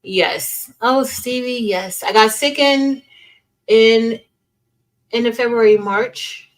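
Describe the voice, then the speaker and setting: A woman's voice: a little high, takes it slowly, low-quality recording. Young woman doing a casual craft live, rambly, chatty, restarts her sentences a lot. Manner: chatty, greets viewers by name. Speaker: craft livestream host. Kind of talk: casual livestream chat.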